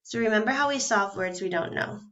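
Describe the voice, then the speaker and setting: A woman teaching a recorded first grade reading and grammar lesson, speaking slowly and clearly and sounding out letters one at a time with patience. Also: medium pitch, fairly bright tone, muffled recording. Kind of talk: recorded phonics and grammar lesson for young children.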